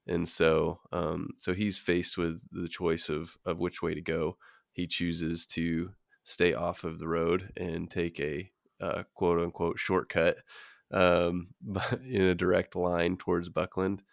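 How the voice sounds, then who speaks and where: A man's voice: low-pitched, flat delivery, slow pace, vocal fry, no room sound. A man co-hosting a podcast, summing up in a hesitant way with many fillers into a close mic. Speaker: podcast co-host. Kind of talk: casual podcast chat.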